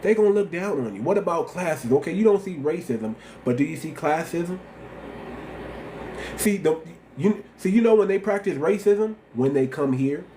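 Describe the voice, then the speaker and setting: Guy with a slight lisp running a livestream, kinda high voice, blunt and repeats stuff, faint hiss behind. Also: moderate pace. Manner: blunt, repetitive, animated slang-heavy talk. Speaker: livestream host. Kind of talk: casual livestream talk.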